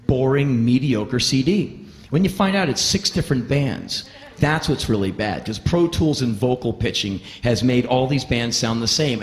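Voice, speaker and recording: Husky, intense American man on stage. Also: mid-range voice. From Washington, D.C., United States. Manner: intense, profane, bursts into shouting. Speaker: spoken-word performer. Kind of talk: stand-up spoken-word monologue.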